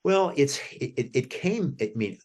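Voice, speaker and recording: An American author, a guest in a conversational interview, tells rambling anecdotes full of restarts. His medium-pitched voice is expressive and a little mellow, moving at a measured pace.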